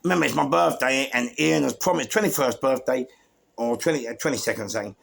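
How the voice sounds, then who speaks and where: A man's voice: mid-range voice, fast, gravelly, husky. A man with a London accent telling stories casually, with street slang, swearing, and frequent "yeah?" check-ins. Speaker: storyteller guest. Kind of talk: casual storytelling.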